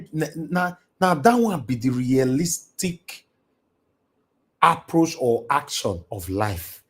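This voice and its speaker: A man with a fairly low, darkish, slightly rough voice delivers an impassioned, preachy livestream monologue from home. He speaks with a Nigerian Pidgin English accent, switches into Pidgin, and is recorded on a home livestream mic.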